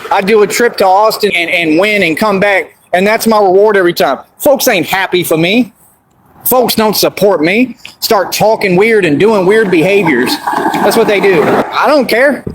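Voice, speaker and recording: A man's voice: high-pitched, background noise. A man delivering a boastful, confrontational street rant, repeating himself and taunting his critics. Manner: swaggering, confrontational, repetitive.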